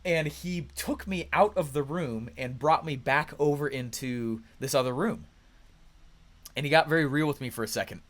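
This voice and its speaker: High-voiced, punchy male coach. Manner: energetic and emphatic, with loud bursts; quick, conversational storytelling with restarts. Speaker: business coach. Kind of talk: motivational coaching talk.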